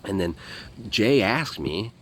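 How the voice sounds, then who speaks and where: A man's voice: on the low side, sing-song, slow pace, fairly bright tone, slight background noise. A man telling a war story in a casual, profane, rambling way, acting out what others said. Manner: profane, rambling, acts out quotes. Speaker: former foreign legion volunteer.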